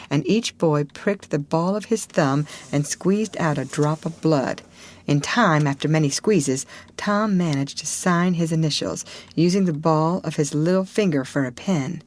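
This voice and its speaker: A woman reading a novel aloud as audiobook narration, in a measured, deliberate way. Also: deep voice, darkish tone. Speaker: audiobook reader. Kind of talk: scripted narration.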